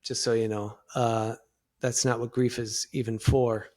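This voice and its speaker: A middle-aged man talks as a podcast guest in a plain, mid-pitched voice. He speaks reflectively and haltingly, restarting his sentences often as he works through his thoughts. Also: little pitch movement, darkish tone. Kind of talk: conversational interview.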